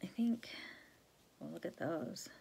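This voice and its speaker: A woman's voice: on the low side, lively intonation, slow pace, vocal fry, warm tone, breathy edge. A woman vlogger chatting casually to viewers about her cross-stitch threads, rambling with many fillers and self-corrections.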